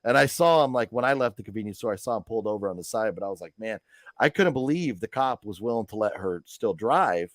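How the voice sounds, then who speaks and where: A man's voice: on the low side, expressive, fast, no echo, clean studio sound. A man hosting a live movie news stream, telling stories in a rambling, chatty way with lots of fillers. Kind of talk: casual chat.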